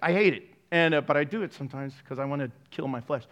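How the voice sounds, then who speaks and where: A man's voice: on the high side, fast talker, a bit bright. A man pastor giving a sermon, joking, laughing often and throwing sarcastic asides to the congregation.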